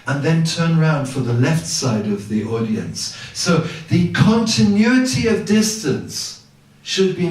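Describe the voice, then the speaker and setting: A man presenting a seminar to a live audience, speaking into a microphone through loudspeakers. He has a naturally quiet voice and acts out his anecdotes with sound effects. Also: a little high. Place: large hall with loudspeakers. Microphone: microphone at ten centimeters, through a PA. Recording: very echoey hall, distant from the camera.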